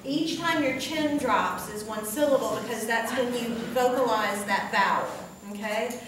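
A woman's voice: a little high, moderate pace, noisy background. A woman teacher giving a classroom lecture, patient, repeating words and checking in with "okay?". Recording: echoey classroom from far off.

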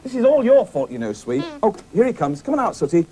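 A man presenting a children's puppet show, chatting excitedly with the puppets. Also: high-pitched, fast.

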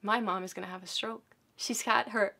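A woman's voice: medium pitch, steady tone, normal speed, creaky, pushed and bright. A woman from South America tells a personal story to an audience, retelling it vividly with acted quotes.

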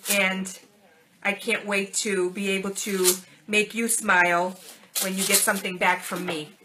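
Bright-voiced woman gushing over gifts. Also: a little high, poor audio. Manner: gushing, warm thanks over small gifts. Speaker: channel host. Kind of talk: casual gift-unboxing vlog.

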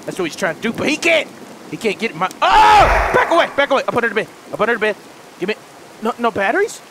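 A man hosting a horror let's play, frantic and jumpy, shouting and pleading, then muttering low to himself. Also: sing-song, fast talker, very noisy. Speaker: gaming channel host.

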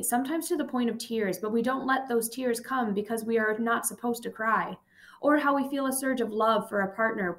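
A woman reading a memoir aloud in a steady, measured, calm voice. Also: on the high side. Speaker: audiobook reader. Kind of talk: amateur audiobook reading.

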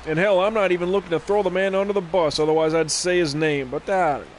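A man's voice: sits high, steady tone, fast talker, a little hiss or hum. A man streaming a baseball game live, chatting casually and wandering off on tangents with plenty of swearing. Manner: rambling, profane, drifting off on tangents. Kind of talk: casual gameplay commentary.

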